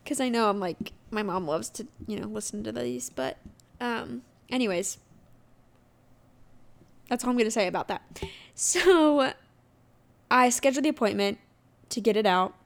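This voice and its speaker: A woman's voice: a little high, moderate pace, gravelly, pauses often. Chatty young woman telling a story. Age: 20s. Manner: candid, chatty storytelling with lively acted quotes. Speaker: podcast host. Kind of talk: casual solo podcast chat.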